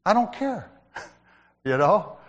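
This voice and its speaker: A man telling a story from the front of a church, chatty and personal, calling out to people in the pews. His pitch is a touch high and swings widely as he talks. The sound carries a long reverb, as in a big hall. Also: very animated, slow pace. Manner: conversational storytelling, addresses listeners by name. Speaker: lay speaker at church. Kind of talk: sermon-style testimony.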